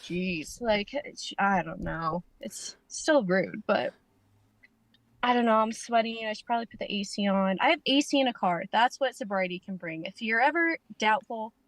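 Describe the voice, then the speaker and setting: A woman's voice: mid-range voice, lively intonation, moderate pace, a bit bright, dry recording. A woman sharing at a recovery meeting from her parked car over a video call, rambling and self-deprecating with jokes. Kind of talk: casual recovery meeting share.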